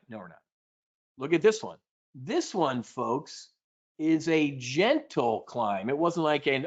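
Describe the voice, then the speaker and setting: A man leading a live trading webinar as an options instructor, energetic and punchy, breaking into shrill mock panic now and then. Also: a little slow, muffled recording.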